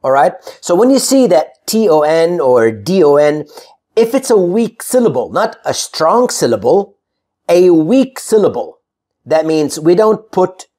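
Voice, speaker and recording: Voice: medium pitch, big pitch swings, dark tone. An English pronunciation teacher in an online lesson, who says each example word several times and checks in with "right?". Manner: demonstrates words slowly, repeating each for contrast; checks in with frequent "right?" and "all right?".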